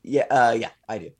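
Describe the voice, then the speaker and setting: A man co-hosting a comedy podcast, chiming in with quick, teasing remarks. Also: medium pitch, slightly rough. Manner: quick playful interjections and teasing. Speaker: podcast co-host. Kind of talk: casual comedic chat.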